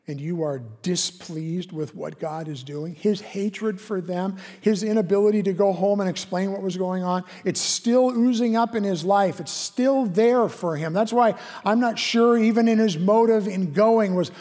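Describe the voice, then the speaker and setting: A man's voice: high-pitched, a little mellow, in a large hall. A man preaching a sermon, emphatic, acting out a prophet's bitter complaints with rising intensity. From Canada. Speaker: pastor.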